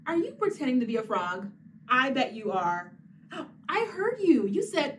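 A woman librarian reads a picture book aloud to young children in an unhurried, sing-song way, playing the animal sounds. Her voice sits high and swoops widely as she coaxes her unseen listeners along. The mic is a little way off, with a faint hum behind her. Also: very animated. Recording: distant mic with faint background noise.

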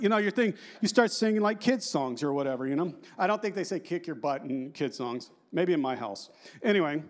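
A man in his fifties giving a lively, joking conference talk and quizzing the audience. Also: fairly high pitch, brisk. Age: 50s. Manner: animated and joking, asks the audience questions. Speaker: conference speaker.

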